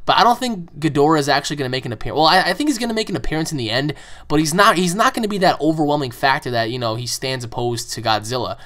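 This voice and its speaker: A man's voice: fairly high pitch, expressive, rapid-fire, fairly bright tone. A man hosting his own channel, answering fan questions in a rambling, profane monologue full of repeated words. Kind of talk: casual opinionated monologue.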